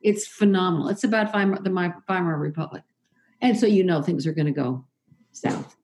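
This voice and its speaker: A woman's voice: lowish voice, fairly quick, darkish tone. A woman talking casually as an interview guest, chatty and opinionated, often restarting and correcting herself. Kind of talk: casual conversation.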